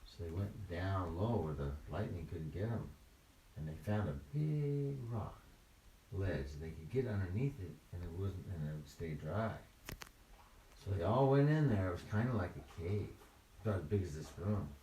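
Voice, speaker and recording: Older man telling a low, gentle bedtime story. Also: animated, moderate pace, a little hiss or hum. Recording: roomy, mic at a distance.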